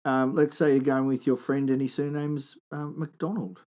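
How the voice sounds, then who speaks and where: A man's voice: medium pitch, flat delivery, moderate pace, a little mellow. A man with an Australian accent, co-hosting a podcast and trading teasing jokes in casual banter. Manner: joking, teasing. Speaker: podcast co-host.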